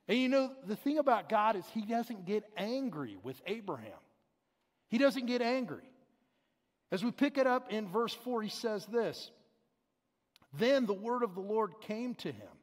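Unhurried male preacher with a high voice, long hall reverb. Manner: conversational, explanatory preaching with paraphrased scripture. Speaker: pastor. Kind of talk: sermon. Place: large church sanctuary.

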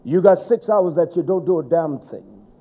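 A middle-aged man preaching a stern, scolding sermon to a congregation, rising to shouts at times. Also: on the high side, moderate pace.

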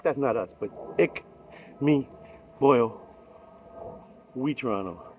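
A man hosting a sports vlog outro, rowdy, profane and hyped, rambling between shouts. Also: mid-range voice, expressive, slow, pauses often, highs cut off, a little hiss or hum. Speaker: vlog host.

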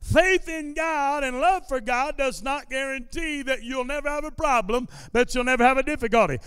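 A male pastor preaching a sermon in a church service. He repeats his lines in a steady preaching cadence and builds them up into shouted declarations. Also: extremely high pitch, moderate pace, no room sound, studio quality, big-room sound. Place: church sanctuary during a service.

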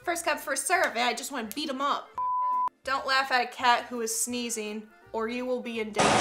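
A young woman hosting a vlog, chatting casually and reacting to clips with sassy, talkative asides. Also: fairly high pitch. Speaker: YouTuber host.

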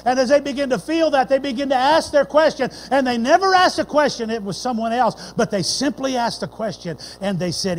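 A man preaching a folksy, animated sermon that swings between loud declaring and hushed storytelling. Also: extremely high pitch, fairly quick, few pauses, poor audio. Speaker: pastor.

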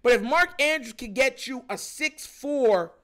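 A man hosting a sports show, ranting in animated, filler-heavy commentary about his team. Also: very high voice, a little slow. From Jamaican family.

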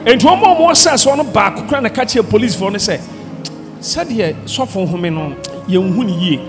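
A man from Ghana, a pastor, preaching a fiery sermon with shouted, impassioned delivery over loud music and a crowd. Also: high voice, expressive, moderate pace.

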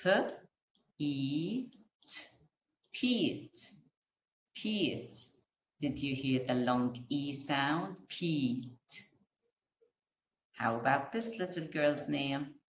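A woman teaching a kindergarten phonics lesson, sounding out letters and words slowly in a sing-song way for small children. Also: a bass voice, echoey room, slight background noise.

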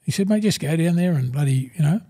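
An Australian man in his sixties spins yarns in a relaxed interview, his tone dark and mellow yet pitched a little high. He leans into quoted dialogue, calling everyone "mate". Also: fast talker. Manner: animated yarn-spinner, acts out quoted dialogue, says "mate" constantly. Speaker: guest, former rugby league player and broadcaster. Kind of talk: casual interview storytelling.

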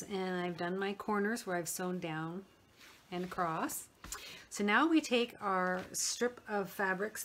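A middle-aged woman explaining a sewing project step by step in a relaxed manner, talking while she works with her hands. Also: medium pitch, slight background noise. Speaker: sewing tutor. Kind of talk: step-by-step craft tutorial.

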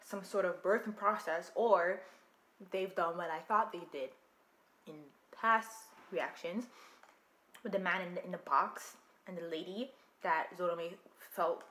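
A young woman casually reacting to an anime, talking back to the screen in an expressive way. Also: lowish voice, a little slow, roomy sound. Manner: expressive, talks back to the screen, shrieks and laughs.

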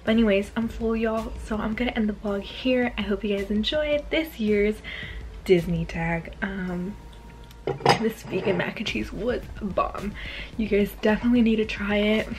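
A woman's voice: mid-range voice, normal speed, noisy background. A young woman vlogging casually while she eats, chatty and gushing, with lots of ums and likes. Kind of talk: casual vlog chat while eating.

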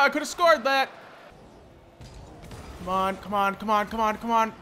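A young man commentating his own gameplay, frustrated, swearing and yelling at his teammates. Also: high-pitched, moderate pace, slight background noise. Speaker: gameplay streamer.

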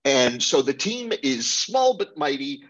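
Man, webinar presenter, husky tone, lively intonation, halting delivery. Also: medium pitch, low-quality recording. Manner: halting, many fillers, animated plugs. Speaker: project lead presenter.

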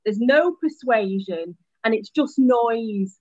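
A woman's voice: on the high side, animated, takes it slowly, warm tone, dry recording, highs cut off. A woman, a member of parliament, chatting casually and self-deprecatingly about public speaking over a video call. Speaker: MP and panel guest.

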